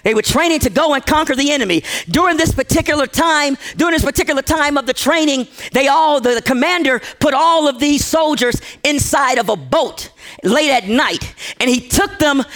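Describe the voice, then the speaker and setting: Male preacher, very high voice, storytelling sermon, repeats phrases, shouts at the peaks. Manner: acts out characters' quoted lines.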